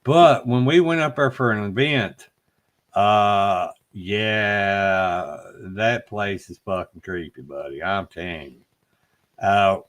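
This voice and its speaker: Storytelling man with a drawl. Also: lowish voice. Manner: swearing, storytelling, lively quoted voices. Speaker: podcast host. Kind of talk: casual chat. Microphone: live stream call.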